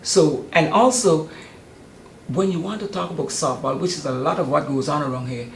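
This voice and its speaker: This older man's voice is fairly high and creaky, moving at a normal speed over slight background noise. Chatting casually in an interview with roomy studio sound, he describes the youth sports camp he runs, with many hesitant ums.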